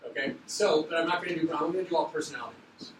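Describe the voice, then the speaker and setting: A man teaching a middle school class, explaining an activity in a loose, quick, joking way. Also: fairly high pitch, steady tone. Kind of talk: classroom instruction. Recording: echoey classroom, far from mic, background noise.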